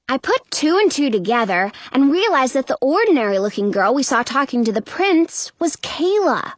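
Woman reading a kids' story out loud, high voice going all over the place, slow. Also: big pitch swings, no room sound. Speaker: audiobook narrator. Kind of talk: first-person storybook narration.

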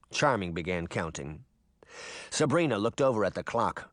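A man narrating an audiobook chapter in an expressive storytelling manner. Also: lowish voice, a little slow, no echo, studio quality. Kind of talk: scripted narration.

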